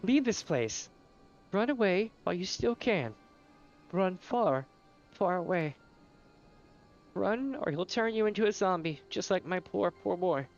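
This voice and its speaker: A man's voice: high voice, expressive, measured pace, long pauses, highs cut off, soft background music, pitched above the performer's own voice. A man voicing a fierce, superstitious old mother grieving her son, in a theatrical rustic old-woman manner while reading game dialogue aloud. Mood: warning.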